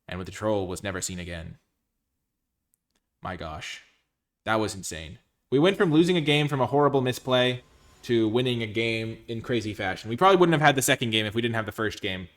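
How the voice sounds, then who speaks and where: A man commentating his own card game matches casually, excitable and full of exclamations. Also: fairly low pitch, brisk.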